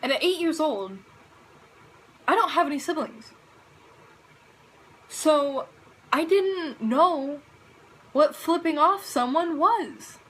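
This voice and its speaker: A teenage girl telling a story to her camera in a casual, animated, dramatic way. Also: high voice, a little hiss or hum, poor audio. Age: teens. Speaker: vlogger.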